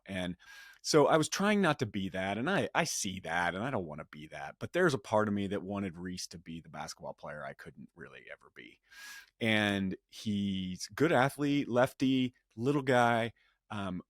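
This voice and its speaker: A middle-aged podcast host with a low voice tells a personal story and reflects on it loosely and conversationally, restarting often and quoting a yell. The clean studio sound has no echo.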